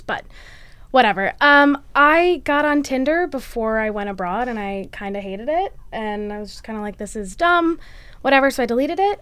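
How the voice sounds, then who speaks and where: A woman's voice: fairly high pitch, fairly bright tone, clear, resonant tone, dry recording. A young woman and college student, chatting animatedly through a personal story for a podcast, with lots of "like". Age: young adult. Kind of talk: storytelling interview.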